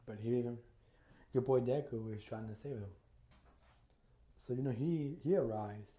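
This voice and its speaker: A man's voice: medium pitch, measured pace, warm tone. A man casually retelling an imagined crossover story as a YouTuber, rambling with lots of fillers and restarts. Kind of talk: casual fan-fiction storytelling.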